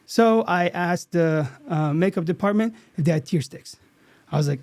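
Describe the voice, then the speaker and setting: A man guest on an interview podcast, telling a story from a set in an earnest, animated way with lots of restarts. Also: high-pitched, normal speed, no room sound. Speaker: actor guest.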